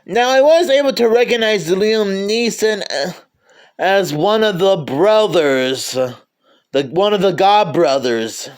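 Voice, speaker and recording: High-voiced man stammering through a review. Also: expressive, slow pace, clear, resonant tone. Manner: stammering, restarts sentences often. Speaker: movie reviewer. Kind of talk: casual movie review.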